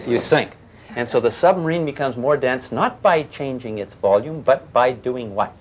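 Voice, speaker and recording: At a mid-range pitch and normal speed, an older man teaches physics to a class, mixing explanation with teasing and questions aimed at his students.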